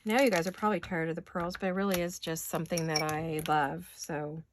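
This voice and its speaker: A woman vlogger, raspy from allergies, chatting casually and talking to herself as she makes paper crafts in her home studio. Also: on the low side, flat delivery, a little fast, noisy background. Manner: chatty, talks to herself while working.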